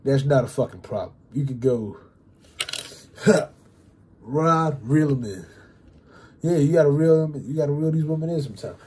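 A man's voice: fairly high pitch, expressive, normal speed, long pauses, darkish tone, a little hiss or hum. A young man talking to his channel in a loose, rambling way, full of fillers and casual swearing. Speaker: YouTuber giving dating advice.

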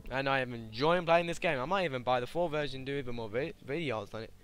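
A young man doing excitable gameplay commentary, laughing often and shouting at the game. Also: medium pitch, fast, a little hiss or hum. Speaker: gaming YouTuber.

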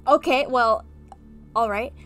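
A woman reading an interactive horror story game aloud and breaking off for animated, chatty reactions. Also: on the high side, slow pace, soft background music. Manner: animated, chatty asides between narration. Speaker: gaming video creator.

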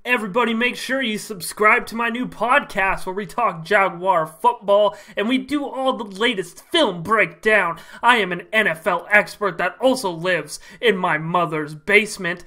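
A man playing a self-proclaimed male expert fan plugging his tiny podcast in a boastful sales pitch. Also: moderate pace, hardly any pauses, pushed and bright.

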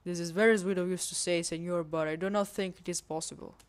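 A cautious, worried housemaid speaks in careful, slightly broken English with a put-on Spanish accent, as a woman reads her out. The voice sits a little low for a woman. She sounds like a game character read aloud by one performer. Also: fairly even intonation, quick pace, natural voice. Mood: urging. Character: harried adult female housemaid, worried and cautious. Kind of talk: reading a visual novel game aloud.

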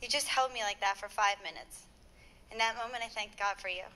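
A woman's voice: medium pitch, fairly quick, bright, forceful tone. A young woman, the bride, reading heartfelt wedding vows at her ceremony. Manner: heartfelt, earnest, with light laughs.

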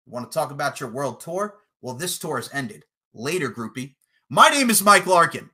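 A man cutting a boastful, profane wrestling trash-talk promo, taunting his opponent and breaking into shouted lines. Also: on the high side, very animated, normal speed, slightly rough. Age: adult, podcasting eight years. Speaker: podcast promo contestant.

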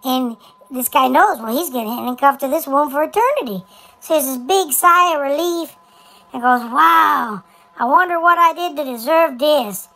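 A man's voice: extremely high pitch, normal speed, bright, forceful tone, exaggerated voice, rough recording. A man voicing Dexter, a chatty boy character who tells a long folksy joke with stumbles and restarts. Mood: joke-telling. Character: chatty high-voiced boy named Dexter telling jokes. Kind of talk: comic storytelling to camera.

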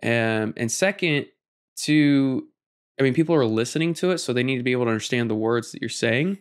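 Halting young man explaining his narration. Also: mid-range voice, smooth. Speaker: podcast co-host and narrator. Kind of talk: casual chat.

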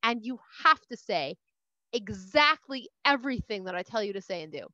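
A woman's voice: medium pitch, sing-song, moderate pace, sharp tone, no room sound. A woman voicing God giving firm, casual instructions, in a dull, dry recording. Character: God laying down strict terms.

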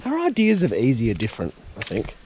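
A man's voice: medium pitch, huge pitch swings, fast talker. A man with an Australian accent chatting casually in a vlog out on a four-wheel-drive track, laughing often and poking fun at himself. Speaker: vlogger. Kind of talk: casual outdoor vlog chat. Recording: outdoor recording with clear background noise.

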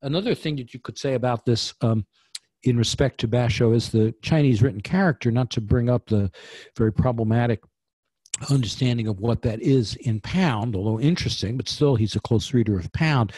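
A man from New York talking as a guest in a poetry discussion over a video call, thoughtful and halting, with many restarts. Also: medium pitch, a little mellow, breathy edge, dry recording. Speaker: guest poet.

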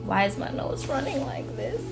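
A woman's voice: mid-range voice, normal speed, creaky, loud music behind the voice. A woman with a Jamaican accent chatting casually to viewers, blunt, outspoken and playful. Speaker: vlogger talking to viewers. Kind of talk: casual chat.

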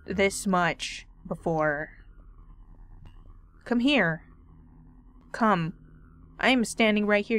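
A woman's voice: medium pitch, a bit bright. A woman giving casual gaming commentary, bantering playfully and sarcastically with the character on screen. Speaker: let's play gamer.

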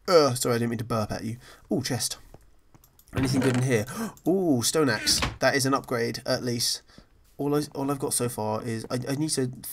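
A man's voice: mid-range voice, noisy background. Rambling, self-deprecating man gaming. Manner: frequently apologetic. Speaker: gaming channel host. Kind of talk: casual gameplay commentary.

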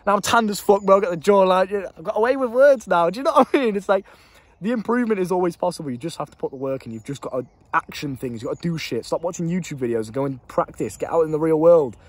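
A young dating coach gives blunt advice straight to camera in a casual monologue. His voice sits high, animated and quick, with no room sound, and he swears freely and laughs at himself.

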